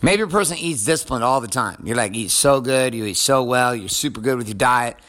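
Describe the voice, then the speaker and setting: A man's voice: mid-range voice, animated, fairly quick, a bit bright. A man in his forties giving a casual motivational monologue, blunt and profane, talking straight to the listener. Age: 40s.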